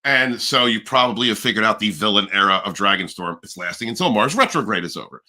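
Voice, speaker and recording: A man hosting a casual livestream chat, animated and profane, rambling with restarts. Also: lowish voice, quick pace. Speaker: livestream host.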